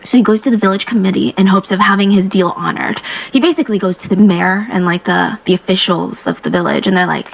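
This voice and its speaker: A woman hosting a true crime podcast, telling the case in an animated, conversational way with quick asides. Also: medium pitch, low-quality recording.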